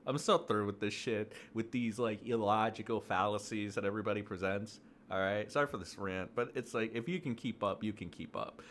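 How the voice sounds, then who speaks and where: A man's voice: fairly quick, hardly any pauses, a bit bright, slight background noise. Profane ranting man, heavy on fillers. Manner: profane, exasperated, heavy on fillers, mocking high-pitched quotes. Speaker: commentary streamer. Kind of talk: ranting commentary.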